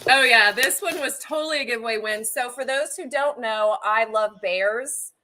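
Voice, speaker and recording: Female stream host, bubbly and excitable, a touch higher than most. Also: moderate pace, noisy background. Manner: bubbly and excitable, swings loud and soft. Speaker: livestream host. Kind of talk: casual livestream chat.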